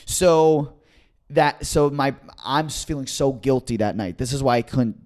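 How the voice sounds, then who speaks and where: A young man co-hosting a comedy podcast, telling a story in a casual, animated way and acting out the people in it. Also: a little slow. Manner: animated, acts out quotes with big pitch jumps. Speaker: podcast co-host.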